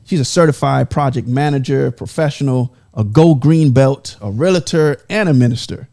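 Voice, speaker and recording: A man's voice: mid-range voice, normal speed, vocal fry, dark tone. A man hosting a casual podcast chat, telling stories and laughing often. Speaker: podcast host.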